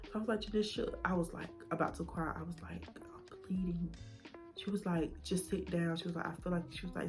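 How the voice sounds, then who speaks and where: Brief: young woman vlogger, lowish voice, emotional storytelling, faint music under her. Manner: emotional retelling, acting out quoted dialogue, drops to whispers. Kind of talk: personal storytime vlog.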